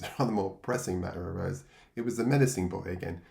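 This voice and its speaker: A deep, fast-talking male voice with vocal fry and a darkish tone, recorded in a roomy space, belongs to a middle-aged man from England sharing his life story. He is reflective and wry, laughing at himself while acting out voices he remembers.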